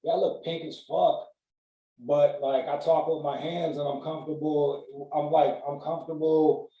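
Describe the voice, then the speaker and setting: A man in casual podcast chat, telling stories in a profane, animated way. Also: on the high side, moderate pace. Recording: roomy sound, mic at a distance.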